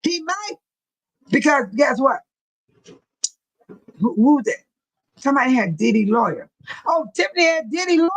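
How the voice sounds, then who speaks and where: A woman's voice: sits high, very animated, moderate pace, long pauses, no echo, low-quality recording. Chatty older woman streaming live. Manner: chatty, laughs often, talks back to commenters. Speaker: livestream host reading chat. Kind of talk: casual livestream chat.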